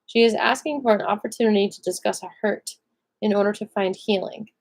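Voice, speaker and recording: A woman's voice: mid-range voice, fairly quick. A tired woman reading a self-help book aloud on a live stream, breaking off now and then for chatty asides. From American.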